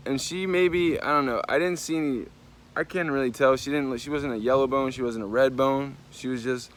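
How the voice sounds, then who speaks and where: Animated man ranting through a story. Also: mid-range voice. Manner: animated, profane, jumps into voices when quoting people. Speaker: vlogger. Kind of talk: casual storytelling rant.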